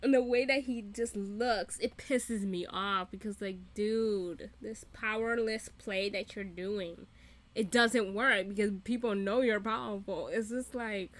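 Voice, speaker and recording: A woman's voice: medium pitch, unhurried. A woman host giving a casual, profane, laughing recap of a TV episode. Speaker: reaction channel host.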